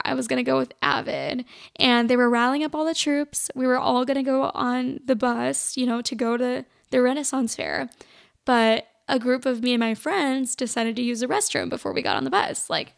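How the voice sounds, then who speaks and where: High, gravelly-voiced chatty young woman. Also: fairly bright tone. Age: young adult. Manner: chatty, heavy use of "like". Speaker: podcast host. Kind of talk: casual personal storytelling.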